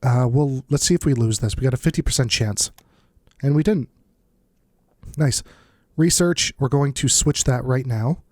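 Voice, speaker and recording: A let's play host with a stuffed-up nose gives casual commentary on a strategy game, thinking aloud and muttering asides as he figures things out. His voice is average in pitch and a little mellow, at normal speed, recorded close and dry with no room sound.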